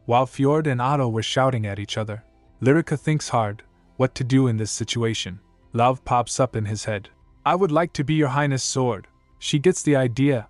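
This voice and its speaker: A man's voice: mid-range voice, normal speed, no echo, faint music behind. Man narrating a comic recap, dry and close. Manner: reads every character's lines in the same narrating voice. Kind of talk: scripted narration.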